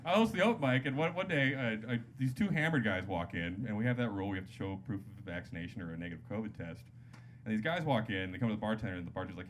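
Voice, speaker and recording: A man performing a stand-up set on a comedy club stage into a handheld mic, loose and jokey, breaking into loud voiced-up quotes. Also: lowish voice, expressive, rapid-fire. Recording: live club set with loud audience noise. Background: loud audience laughter.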